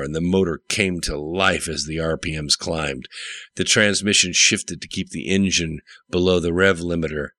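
A man narrating an audiobook in a steady, matter-of-fact storytelling manner. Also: low voice, no room sound. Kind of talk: scripted narration.

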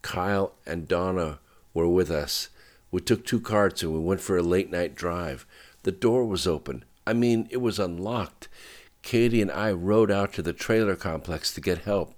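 A man's voice: sits low, normal speed, pitched above the performer's own voice, natural voice. A man voicing a nervous man. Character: nervous man, Dick, reporting a shooting.

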